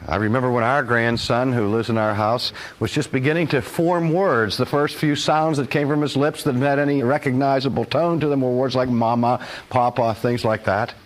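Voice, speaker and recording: An older man giving a recorded lecture, animated and fond of acting out his examples in voices. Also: mid-range voice. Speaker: teacher.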